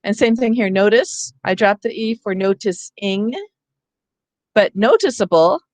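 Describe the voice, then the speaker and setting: Female literacy trainer, mid-pitched, conversational lecture style, dry close sound. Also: unhurried, a little mellow, dry recording. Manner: casual, conversational teaching with asides. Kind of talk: professional development lecture.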